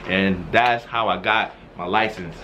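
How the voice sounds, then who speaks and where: A young man telling a casual storytime vlog, excited and rambling, restarting his sentences often. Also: low voice, unhurried, a little hiss or hum. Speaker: vlogger. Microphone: wearing a mask while talking.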